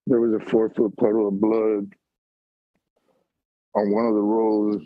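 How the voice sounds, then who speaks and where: A man on a call-in panel telling a personal story in a raw, halting way, swearing heavily, heard over a video call. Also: on the low side, completely flat delivery, no echo. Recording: tinny phone-like call audio.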